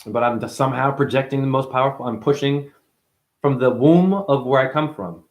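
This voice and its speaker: A man hosts a livestream and delivers a meandering spiritual sermon, swearing freely. His voice sits at an ordinary male pitch but keeps jumping into sudden high, loud exclamations. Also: fairly quick. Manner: profane, rambling, preachy. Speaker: livestream host. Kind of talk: rambling spiritual livestream monologue.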